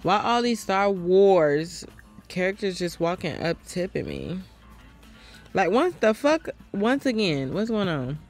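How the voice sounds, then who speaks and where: Soft background music plays as a woman streamer, her voice on the lowish side and a bit slow, talks through a game in a casual let's play. She swears, stays lively, and keeps talking to her audience.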